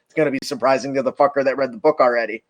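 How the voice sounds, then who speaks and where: A man's voice: mid-range voice, fairly even intonation, racing. A young man running a tabletop game as dungeon master, narrating casually and laughing often.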